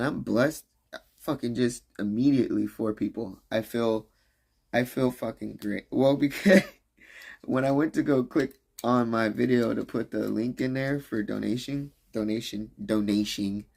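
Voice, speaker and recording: A man's voice: medium pitch, gravelly, darkish tone. A young man hosting a casual livestream chat, loose and profane, rambling and laughing while he drinks beer. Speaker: livestream host.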